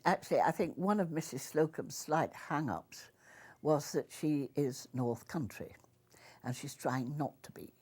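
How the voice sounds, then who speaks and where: An older woman from Northern England, an actress, telling stories from her career in an animated conversation and laughing often. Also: deep voice, a little slow, breathy edge. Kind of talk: reminiscing conversation.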